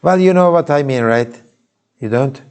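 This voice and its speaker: This is a classroom lecture recorded live in a hall, given casually by a man with a Turkish accent. He has a medium-pitched, clear, resonant voice that is a little mellow, and he talks at a normal speed. He keeps restarting sentences and pausing for informal asides to his students.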